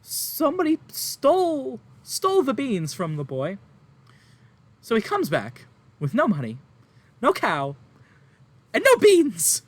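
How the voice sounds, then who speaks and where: A man's voice: huge pitch swings, takes it slowly, long pauses, dry recording, full character voice. A man voicing an emotional, flustered middle-aged farm mother who rambles and stammers through her troubles. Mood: distraught. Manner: flustered, tearful rambling with high squeaky jumps. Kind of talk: tabletop role-play character voice.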